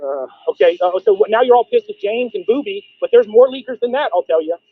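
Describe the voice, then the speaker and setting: A man hosting a call-in stream, grilling a caller with sarcastic, accusing rapid-fire questions. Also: sits high, expressive, slightly rough, narrow, tinny audio. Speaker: stream host. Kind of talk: heated confrontational call-in argument.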